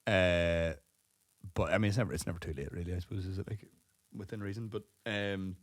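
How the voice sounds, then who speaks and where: A man's voice: sits low, fairly even intonation, fairly quick, dry recording. A man of about thirty, a podcast co-host rambling through a funny story in casual chat, swearing and laughing as he talks. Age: 30s.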